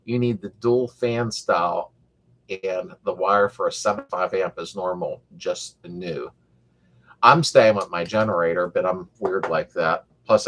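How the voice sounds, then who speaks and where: A man's voice: deep voice, a bit bright. A middle-aged man hosting a casual live-stream chat, rambling and joking as he reads viewer comments aloud. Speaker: host of a car restoration channel live chat.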